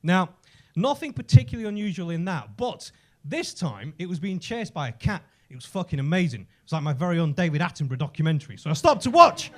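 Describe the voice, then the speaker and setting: An English man doing a stand-up comedy routine on a comedy club stage, telling stories in an animated way with casual swearing. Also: fairly high pitch, quick pace. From England.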